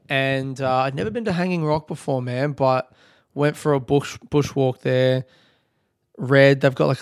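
A man's voice: medium pitch, clean tone, dry recording, clean studio sound. A young Australian man telling a rambling, self-deprecating story in a casual solo podcast, full of filler words. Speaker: podcast host.

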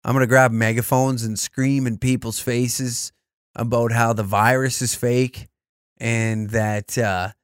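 A man's voice: medium pitch, clean tone, dry recording, studio quality. A man in his twenties doing a crude, rambling comic monologue in a mock-serious tone. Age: 20s.

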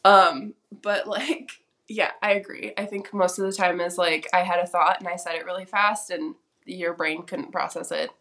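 A woman's voice: fairly low pitch, fairly even intonation, normal speed, fairly bright tone. A young adult woman co-hosting a casual podcast chat, rambling with many fillers and laughing often. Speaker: podcast co-host.

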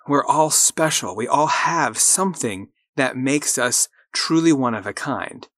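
An upbeat man hosts a motivational podcast at a mid-range pitch, encouraging listeners and leading them through repeated affirmations. His voice is close and dry, recorded on a studio microphone. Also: fairly bright tone, no echo. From rural farm upbringing. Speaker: podcast host and coach.

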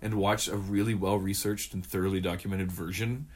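A man's voice: low voice, steady tone, fairly quick. A man co-hosting a casual chat about movies. He talks loosely and swears a lot, and he acts out quotes in silly voices. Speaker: podcast co-host.

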